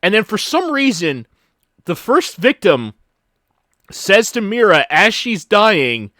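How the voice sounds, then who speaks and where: A fairly high-voiced man chatting casually on a podcast, stumbling through his story with lots of "like" and "um" and the odd curse word. His voice sounds dry and close, with no room behind it. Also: big pitch swings, takes it slowly, bright, forceful tone, dry recording. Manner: rambling retelling full of fillers and restarts; casual and profane. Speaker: podcast host. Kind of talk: casual chat.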